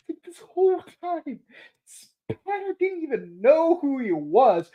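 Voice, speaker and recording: Animated, laughing woman podcast host. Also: high voice, slow, highs cut off. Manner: animated, laughs often, acts out quoted lines. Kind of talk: casual episode review.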